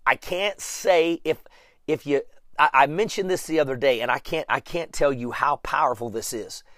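A man's voice: fairly high pitch, moderate pace, fairly bright tone, dry recording. Emphatic preacher man, dry close sound. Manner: repetitive, emphatic, building up. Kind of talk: sermon.

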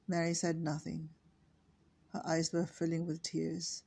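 A woman in her sixties from Ireland, reading her own story aloud in a slow, halting way with small self-corrections. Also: deep voice, flat delivery, gravelly, mellow, breathy edge. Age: 60s.

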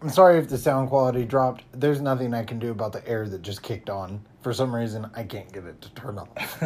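A man's voice: medium pitch, fairly quick, a little mellow. A man hosting a podcast, chatting casually about a movie, laughing often and swearing offhandedly. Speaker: podcast host. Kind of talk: casual movie recap chat. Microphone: audio podcast mic.

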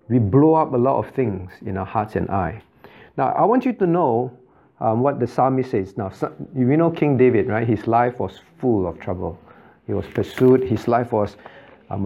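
A man preaches in a middle-pitched voice, pressing his points by repeating short phrases and turning questions back to his listeners. He speaks as a pastor addressing his congregation. The recording is a little dull and muffled. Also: dark tone. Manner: asks the congregation frequent rhetorical questions. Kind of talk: sermon.

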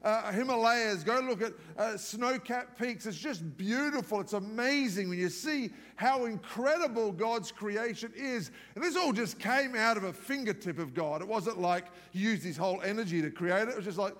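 High-voiced pastor preaching in a reverberant hall. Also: male voice, moderate pace, hardly any pauses. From outside the United States. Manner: lively conversational preaching with humorous asides. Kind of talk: live church sermon. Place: large church auditorium. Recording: long reverb of a large church hall.

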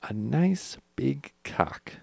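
A man's voice: medium pitch, big pitch swings, extremely slow, vocal fry, slightly rough, no room sound, clean studio sound. A man hosting a podcast, casually retelling movie scenes with crude humor and acted-out lines. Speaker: podcast host.

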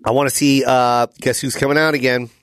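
A man's voice: mid-range voice, little pitch movement, brisk, a bit bright, clear, resonant tone. A man hosting a casual comedy podcast, playful and teasing, hamming things up with his friends on a studio mic. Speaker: podcast host.

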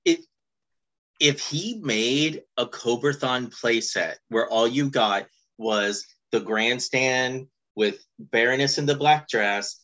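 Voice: medium pitch, takes it slowly, fairly bright tone. A co-host on a casual chat show, playful and telling stories at length. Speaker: podcast co-host. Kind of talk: casual chat about a cartoon.

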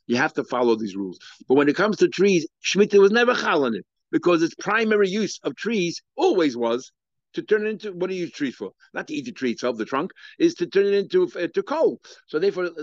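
A man's voice: on the high side, no echo, dull audio. A man with a Yeshivish English accent giving a daily Talmud lecture, thinking aloud with many fillers and restarts. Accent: Yeshivish English, Hebrew and Aramaic terms mixed in. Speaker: Talmud teacher.

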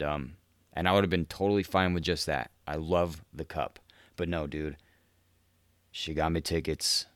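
A young man hosts a podcast, telling a story in a casual monologue that is loose, profane, and laid-back, packed with "dude" and laughter. His voice is a low rumble, with no echo.

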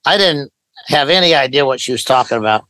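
An older man from Idaho, a pastor, calmly recounting a story as a guest on an interview podcast, with quoted dialogue woven in. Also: medium pitch, fast talker, no room sound, rough recording. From Idaho, USA.

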